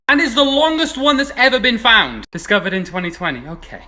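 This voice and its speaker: A man doing comic science commentary, excitable and sweary, breaking into shouted punchlines. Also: very high-pitched, fairly quick, few pauses. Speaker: social media creator.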